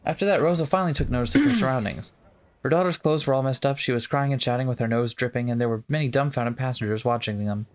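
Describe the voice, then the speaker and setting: A let's-play co-host narrating a visual novel in an even, mid-range voice, reading the passages steadily but with a playful streak that breaks through between them. The delivery is casual rather than polished. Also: medium pitch, fast talker. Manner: playful, breaks into laughter and jokes.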